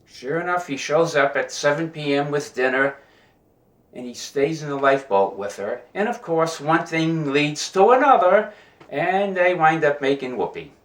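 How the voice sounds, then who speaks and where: A man telling jokes in a casual, animated way, in a fairly roomy recording. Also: on the high side, normal speed. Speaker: joke teller. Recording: roomy echo.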